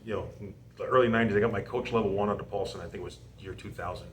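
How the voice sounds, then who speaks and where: A man who is a wrestling coach, telling stories as an interview guest in an animated way and acting out quotes. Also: lowish voice, slight background noise. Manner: animated, brisk storyteller who acts out quotes. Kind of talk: casual interview storytelling.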